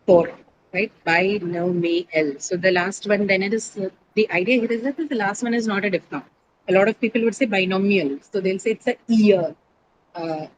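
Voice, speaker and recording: A woman teacher leading an English pronunciation lesson, patiently repeating each word slowly for her students. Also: mid-range voice, noisy background. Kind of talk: classroom lesson on syllables and stress.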